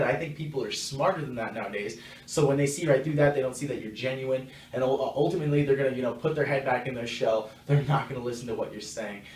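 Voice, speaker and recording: Fast-talking young man, roomy echo. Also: medium pitch, slight background noise. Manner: chatty, frank, acts out quoted dialogue. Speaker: network marketing vlogger. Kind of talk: casual direct-to-camera advice. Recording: roomy echo, mic at a distance.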